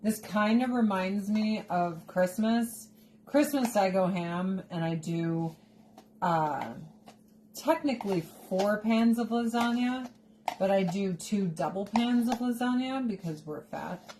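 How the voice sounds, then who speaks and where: A woman's voice: medium pitch, slow, dark tone. A woman hosting a casual cooking video in her home kitchen, chatting in a rambling, jokey way with side stories. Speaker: cooking show host. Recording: noticeable background noise.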